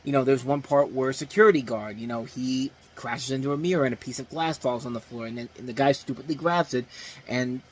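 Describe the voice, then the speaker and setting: Hosting a movie review show, this man rambles casually with plenty of fillers, restarts, and animated emphasis. His mid-range voice moves a little fast, and the low-quality recording has a bit of hiss or hum.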